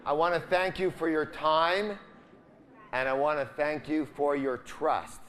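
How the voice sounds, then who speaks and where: A man's voice: a little high, steady tone, unhurried, a bit bright, slight background noise. A middle-aged man giving a motivational seminar, quizzing the audience and leaving the ends of his sentences for them to fill in. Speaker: seminar speaker.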